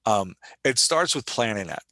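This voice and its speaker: Southern man teaching in a bright voice. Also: on the low side, animated, normal speed, dry recording. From Louisiana. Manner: self-deprecating, keeps checking in with "right?". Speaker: podcast host. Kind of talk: solo teaching talk on writing.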